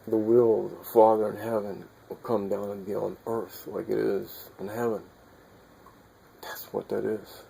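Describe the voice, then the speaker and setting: A man's voice: on the low side, little pitch movement, a little slow, creaky, dark tone, a little hiss or hum, low-quality recording. A man musing in a rambling way about faith and life, repeating himself and chuckling often. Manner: meandering, repetitive, chuckling often.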